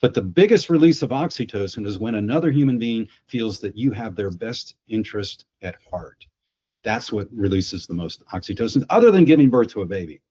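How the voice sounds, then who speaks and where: Husky man telling stories on a call. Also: lowish voice, animated, fairly quick, dark tone, lo-fi sound. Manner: anecdotal, explanatory, self-correcting restarts. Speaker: sales psychology speaker. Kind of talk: storytelling on a webinar panel.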